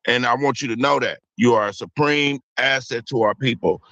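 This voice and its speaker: A male caller whose voice has a bright, forceful edge and a dry, close sound. He talks with fervor and keeps repeating his rallying lines as he speaks. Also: medium pitch, normal speed, dry recording, lo-fi sound. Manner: fervent, repetitive rallying talk. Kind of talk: casual call-in chat.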